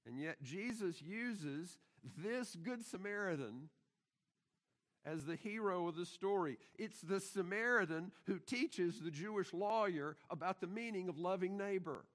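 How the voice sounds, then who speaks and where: A man's voice: high voice, lively intonation, unhurried, a bit bright. A middle-aged pastor preaching a sermon in his church, emphatic and putting rhetorical questions to the congregation. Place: church sanctuary.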